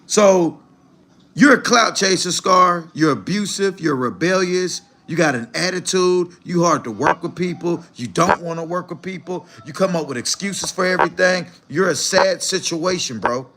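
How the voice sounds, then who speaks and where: Older man, live-stream host, blunt and profane, slightly raised pitch. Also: moderate pace, a bit bright. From Mississippi, USA. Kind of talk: live commentary reacting to clips.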